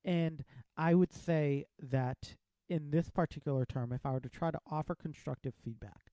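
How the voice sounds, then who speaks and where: A man's voice: a little high, normal speed, warm tone, no room sound. A man hosting a podcast, chatting casually as he reviews a film and retells its scenes with quoted lines. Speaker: podcast host.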